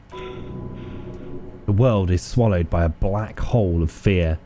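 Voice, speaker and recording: A man reading game narration aloud during a playthrough, in a slightly low, mellow voice. His delivery is wry and expressive, leaning into the dark humor of the text. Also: slow pace, slight background noise. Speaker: video game player and narrator.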